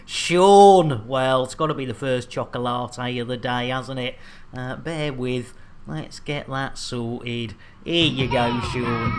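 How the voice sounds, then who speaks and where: A woman's voice: extremely low pitch, takes it slowly, music in the background. A woman from the UK streaming a game, chatting playfully and greeting viewers by name. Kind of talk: casual live-stream chat.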